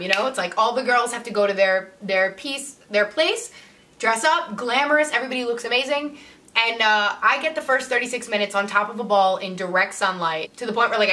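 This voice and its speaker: A woman's voice: a little high, sharp tone, recorded from a distance. A woman vlogger telling a personal story to camera in a chatty way, full of "like" fillers. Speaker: model and vlogger.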